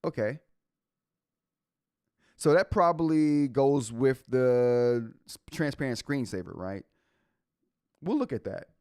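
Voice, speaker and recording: A man's voice: mid-range voice, lively intonation, slow, long pauses, darkish tone, smooth, dry recording, studio quality. A man hosting a live tech show in a casual way, reading update notes aloud and reacting to the chat.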